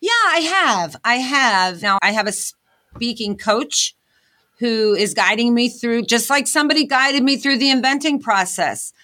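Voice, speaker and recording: A woman's voice: fairly high pitch, animated, unhurried, sharp tone. A woman guest in an interview, talking earnestly about her path as an inventor and motivational speaker. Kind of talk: candid interview talk.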